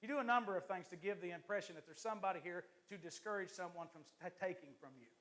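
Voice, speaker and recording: A man, an assistant pastor, preaching a lively, joking sermon to his church congregation. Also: high-pitched, fast talker.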